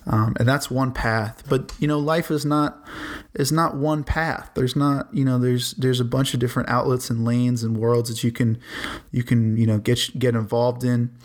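A man's voice: medium pitch, flat delivery, moderate pace. A young man, a college student, hosting his own solo podcast in a rambling, laid-back way, with casual swearing. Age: young adult. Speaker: podcast host.

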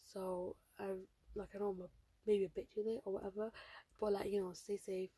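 A woman's voice: mid-range voice, flat delivery, brisk, dark tone, slightly rough, no room sound. A seventeen-year-old girl hosting her own podcast, chatting casually and rambling with lots of fillers. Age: teens. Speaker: podcast host. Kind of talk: casual solo podcast chat.

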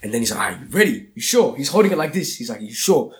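A man's voice: medium pitch, fast. A teenage boy, telling stories to friends in a casual chat, acting out voices and swearing freely. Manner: animated storyteller, acts out voices, swears a lot. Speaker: student.

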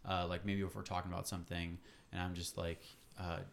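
A man co-hosting a casual faith podcast, speaking softly and hesitantly, mostly agreeing. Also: low voice, flat delivery, brisk, creaky. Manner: soft-spoken, hesitant, agreeable. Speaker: podcast co-host.

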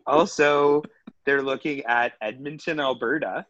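A man's voice: medium pitch, unhurried, fairly bright tone, lo-fi sound. A man hosting a podcast in casual chat, steering the talk and reading out items from a list. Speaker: podcast host.

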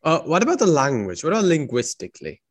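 A man's voice: on the high side, huge pitch swings, quick pace. A man hosting a casual interview, asking long, rambling questions with fillers and restarts. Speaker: host.

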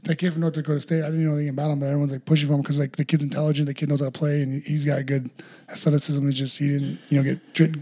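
A man chatting and telling stories in an animated, rambling way with lots of fillers. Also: a little high, rapid-fire. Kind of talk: casual storytelling.

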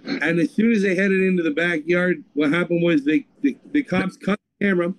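Profane high-voiced man rambling. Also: steady tone, brisk, low-quality recording. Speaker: podcast co-host. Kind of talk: crude casual chat.

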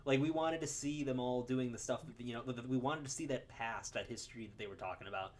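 A man's voice: mid-range voice, fast talker. A man co-hosting a podcast, chatting casually about a film in an opinionated, rambling way, with many restarts and laughs at his own jokes. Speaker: podcast co-host.

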